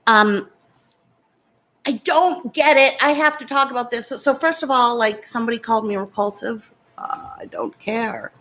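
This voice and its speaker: A woman's voice: on the high side, lively intonation, normal speed, a bit bright. A woman beauty vlogger chatting casually while doing her makeup and answering viewer comments in a defiant, talkative way. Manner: defiant, chatty, talks back to critics.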